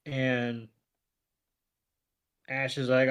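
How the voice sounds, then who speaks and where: A man co-hosting a podcast, recapping a cartoon episode with easy jokes. He talks at an unhurried pace in a mid-pitched voice. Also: fairly bright tone. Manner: unhurried, joking. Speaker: podcast co-host.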